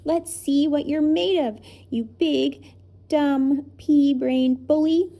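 A woman voicing a brave, gentle old male professor in a storybook reading, speaking in a measured, formal way. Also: medium pitch, vocal fry, breathy edge, highs cut off. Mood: defiant.

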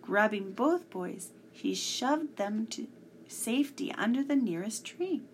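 A woman reading a children's story aloud, slow and deliberate, with small slips along the way. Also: fairly high pitch, lively intonation, a little hiss or hum.

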